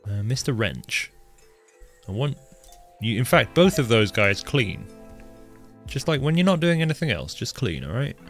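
A man's voice: medium pitch, very animated, normal speed, pauses often, soft background music. A man giving live commentary while playing a colony game, chatty and joking, talking to his in-game characters as he goes. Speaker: game streamer.

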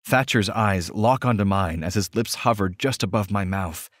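A man narrating an audiobook romance in the first person with a steady, intimate reading. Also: lowish voice, normal speed, no room sound, studio quality.

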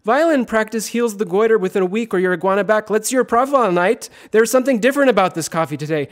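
A man giving a poetry reading at a university event, performing theatrically and swinging from loud to hushed, sometimes chanting repeated words. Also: high voice, expressive, quick pace, hardly any pauses. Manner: chanting repetitions. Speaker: poet.

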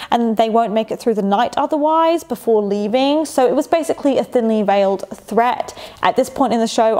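A woman's voice: a little high, warm tone. Chatty, opinionated woman vlogger. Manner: chatty and opinionated, with rhetorical questions. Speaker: YouTube commentator. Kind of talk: casual commentary vlog.

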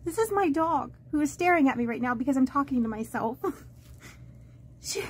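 A woman vlogger chatting to camera as she opens fan mail, halting and rambling with many fillers and restarts, gushing and easily moved. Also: high voice, lively intonation. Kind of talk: casual unboxing chat to camera.

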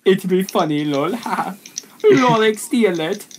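A man's voice: high voice, expressive, drawn-out words. A man joking around and trolling his friends in gaming voice chat, with goofy outbursts. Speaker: gamer in voice chat. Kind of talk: casual gaming banter. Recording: noisy voice-chat mic.

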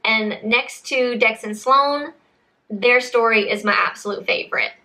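A woman's voice: fairly high pitch, a little slow, sharp tone. A young woman chatting casually to camera as a book vlogger, rambling with frequent restarts and saying y'all.

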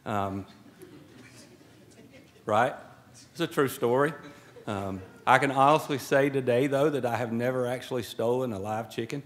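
A man's voice: mid-range voice, measured pace, long pauses. Folksy man speaking at a podium. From Georgia. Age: middle-aged. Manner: folksy and joking, preacher-like asides. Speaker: guest speaker at a swearing-in ceremony. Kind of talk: informal ceremonial speech. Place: indoor event hall at a podium. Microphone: podium microphone.

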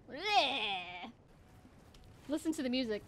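Young woman game streamer, excitable and squealy, very high and bouncy voice. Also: no echo. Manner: excitable, squealing, quick to laugh and shout. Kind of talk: live gameplay commentary.

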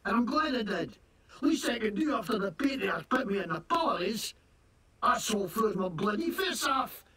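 A blustering fake-Scottish crook. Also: male voice, high voice, very animated, normal speed, pushed and bright, distant mic, full character voice. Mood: defiant. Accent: put-on Scottish. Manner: indignant, bluster and swearing. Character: shifty male fake-Scottish shopkeeper, defiant and loud.

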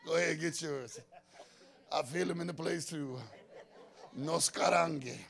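A man preaching a fervent sermon as an apostle, often shouting and breaking into prayer in tongues. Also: a little high, a little slow, creaky.

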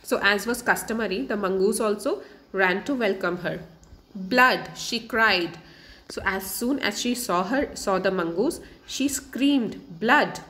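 A woman's voice: mid-range voice, fairly bright tone. A woman from India who speaks. She is a teacher who reads a story aloud to children, stopping to explain word meanings and repeating each sentence in simpler words. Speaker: English teacher.

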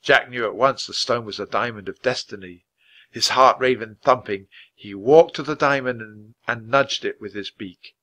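Man storybook reader, bright and clear, measured pace. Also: mid-range voice. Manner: clear, measured, expressive reading. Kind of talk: reading aloud a children's book.

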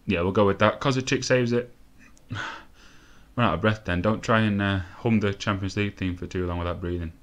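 Young male gamer host, lowish voice, loose, excitable and profane play-by-play at his desk mic. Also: a little fast. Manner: sweary, excitable, rambling asides. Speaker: gaming let's-play host. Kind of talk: casual live game commentary.

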